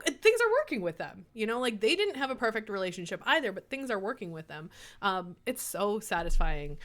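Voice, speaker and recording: A woman's voice: fairly low pitch, fairly bright tone. Chatty woman romance author. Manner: enthusiastic, emotional, chatty. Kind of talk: casual podcast chat.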